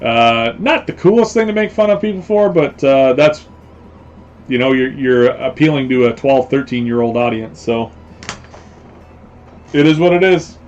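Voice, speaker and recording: A man of middle pitch hosts a casual live stream, talking in a loose, rambling way. He leans on fillers and keeps repeating the same stock phrases. The audio is a bit muffled and dull. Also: lively intonation, moderate pace, pauses often, soft background music. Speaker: host.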